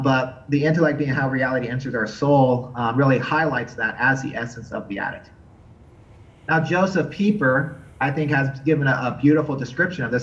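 A man explains a point of theology to his listeners at an even middle pitch. He talks earnestly, feeling his way through each idea with small restarts. The recording sounds a little dull. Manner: earnest, searching for words with restarts. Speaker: theology teacher. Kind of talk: unscripted theology lecture.

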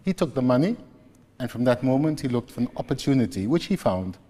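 A man preaching a sermon, slowly and deliberately retelling scripture scenes. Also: medium pitch, big pitch swings, dark tone. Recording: long reverb, echoey hall.

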